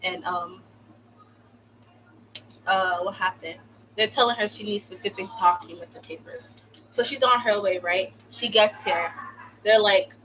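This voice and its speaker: Young adult woman, US-born vlogger, casual storytime rant, sarcastic and dramatic, full of "like", crisp bright tone. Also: medium pitch, normal speed, pauses often, slight background noise, rough recording. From United States. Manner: exaggerated, sarcastic, fills speech with "like". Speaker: vlogger telling a personal story.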